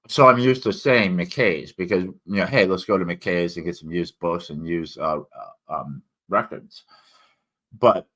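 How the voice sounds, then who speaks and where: A low-pitched American man with a bright, forceful edge to his voice, chatting on a solo livestream. He wanders off-topic, restarts his sentences and fills gaps with ums, and some words come out slightly slurred after tongue cancer. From United States. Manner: digressive, many fillers and restarts. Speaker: independent author and solo livestream host. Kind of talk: rambling solo livestream chat.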